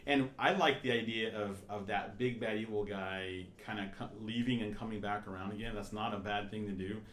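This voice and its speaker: A man's voice: lowish voice, fairly even intonation, a little fast, a bit bright, reverberant. A man co-hosting a podcast, chatting casually about tabletop games and agreeing readily. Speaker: podcast co-host.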